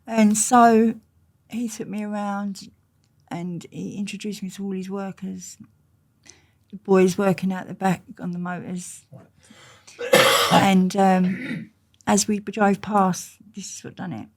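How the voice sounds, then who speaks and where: A woman with a mid-range voice speaks slowly as an interview guest. She tells her stories in an animated, blunt manner, heavy on slang.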